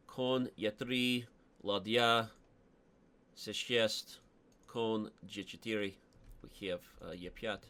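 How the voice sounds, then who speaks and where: A man voicing a self-assured Russian chess master who talks in broken English with a Russian accent and muses slowly over each move. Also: lowish voice, vocal fry, fairly bright tone, heavily acted. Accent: Russian (put on). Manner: broken English, slow musing over moves.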